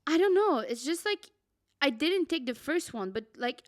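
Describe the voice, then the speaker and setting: Young woman podcaster, excitable, kinda high voice, says like constantly. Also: normal speed. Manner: dramatic and excitable, says "like" a lot. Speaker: podcast co-host. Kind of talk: casual storytelling.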